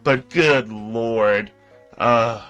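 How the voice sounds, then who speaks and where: A man on a casual stream, talking slowly and mockingly as he reacts to clips. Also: medium pitch, a bit bright, faint music behind. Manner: slow, mocking delivery, often reading aloud dramatically. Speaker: co-host reacting to videos.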